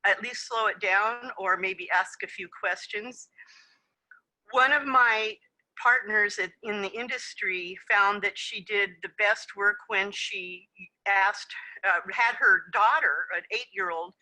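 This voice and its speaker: Bright-voiced woman giving a webinar talk. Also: medium pitch, slow pace, poor audio. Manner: friendly, explanatory, with fillers. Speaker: conference presenter. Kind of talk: webinar presentation.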